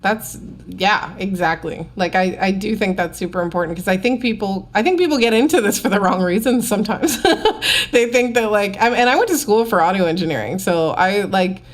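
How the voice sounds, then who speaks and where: A woman at a middle pitch talks as a guest on a podcast. Her speech is loose and chatty, full of filler words. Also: fairly quick. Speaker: podcast guest, music producer. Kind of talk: casual interview chat.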